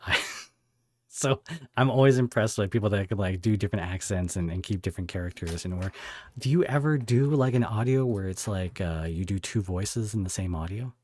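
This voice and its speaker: A man hosting a podcast interview, asking questions in a rambling, halting way with many restarts. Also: on the low side, a little mellow, no room sound. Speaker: podcast host.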